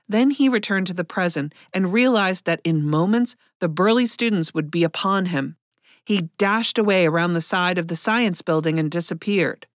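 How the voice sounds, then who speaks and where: A woman with a medium-pitched voice narrates an audiobook in a measured, expressive manner. The recording is dry and studio quality.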